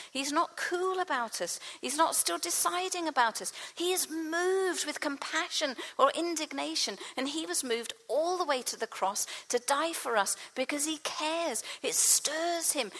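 A woman's voice: sits high, a bit bright. Impassioned woman preaching in a hall. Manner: impassioned storytelling, acts out quoted speech. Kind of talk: sermon with personal testimony. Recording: reverberant hall.

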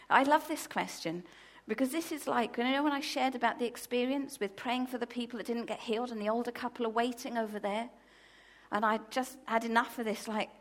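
Woman preacher from the UK, fairly high voice, lively storyteller with loud emphatic bursts. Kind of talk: sermon.

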